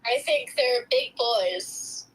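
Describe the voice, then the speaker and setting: A woman's voice: high-pitched, wildly swooping pitch, slow, fairly bright tone, husky, low-quality recording. A woman in casual chat with a friend, giggly, playful and profane. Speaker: co-host friend.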